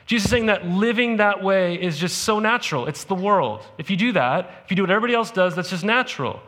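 Male pastor with a high voice, talking through a sermon like a chat and tossing in "right?" to the congregation. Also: lively intonation, fast, bright, forceful tone. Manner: conversational, peppered with "right?" asides. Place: church service.

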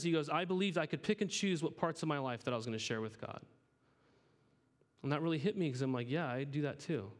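A man in his thirties preaching a sermon in an earnest, conversational way, often repeating words as he starts a sentence. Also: fairly high pitch. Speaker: pastor.

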